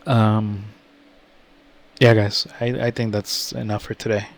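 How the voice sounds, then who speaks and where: A man vlogger telling a story to his viewers, blunt and profane, talking slowly and rambling. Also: on the low side, level tone. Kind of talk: casual story time to camera.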